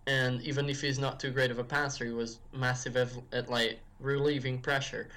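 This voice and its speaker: A guest on a football podcast talks a little fast in a mid-range, flat voice that sounds pushed and bright. The casual football chat rambles, with many restarts and fillers like "if you will."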